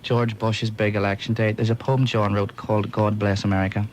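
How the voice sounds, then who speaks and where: Relaxed Northern Irish actor in conversation. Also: male voice, on the low side, a little fast, a little hiss or hum. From Enniskillen, Northern Ireland. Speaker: guest actor. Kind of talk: radio interview.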